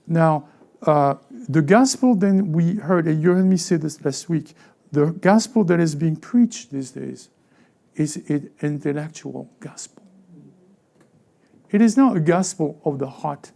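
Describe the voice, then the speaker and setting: A male pastor delivers a conversational sermon in a raised, gravelly voice with a dark, mellow tone. He stumbles and restarts often, repeating words as he goes. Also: on the high side, lively intonation. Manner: halting, with frequent stammered restarts and repeated words; conversational preaching, acting out everyday voices. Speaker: lead pastor.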